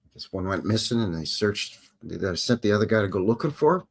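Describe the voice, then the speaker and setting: Wry Canadian man, low voice. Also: expressive, brisk, husky. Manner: wry offhand asides between read-out facts. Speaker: live show host. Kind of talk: casual live-stream commentary, reading aloud.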